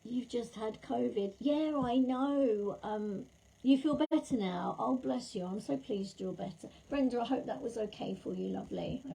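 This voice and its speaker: A woman, a psychic medium, chatting warmly with viewers during a livestream reading while her throat is sore and scratchy. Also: on the high side, normal speed, gravelly, husky. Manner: chatty and affectionate, calls viewers lovely and darling. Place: at home.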